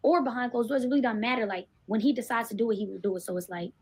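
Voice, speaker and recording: A woman's voice: a little high, racing, slightly rough. A woman on a livestream rambling about giving and faith. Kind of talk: livestream chat.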